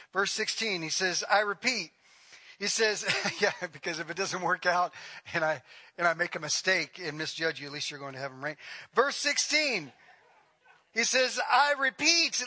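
A middle-aged man gives a sermon in church, his voice high and ringing. He keeps the room with sly, sarcastic jokes before climbing into emphatic, forceful preaching. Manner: joking, sarcastic asides, rising to emphatic preaching. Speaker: pastor.

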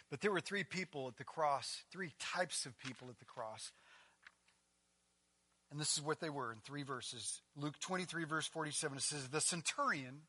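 High-voiced, bright, impassioned male preacher. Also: no echo. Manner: impassioned, rises to near-shouting on emphatic passages. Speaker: pastor. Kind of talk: sermon.

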